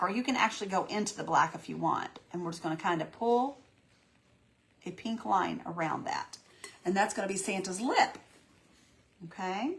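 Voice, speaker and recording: Woman, craft tutorial host, chatty and encouraging, low-ish gravelly voice. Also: expressive, fairly quick, a little hiss or hum. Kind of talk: live painting demo chatting with viewers.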